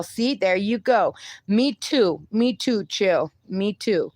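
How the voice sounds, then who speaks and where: Young woman streamer reading chat, slow easygoing talk, hypes people up, dry close sound. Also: mid-range voice, darkish tone, no echo. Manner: upbeat, encouraging, laughs often, mild swearing. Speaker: livestream host. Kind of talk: casual livestream chat, reading viewer comments.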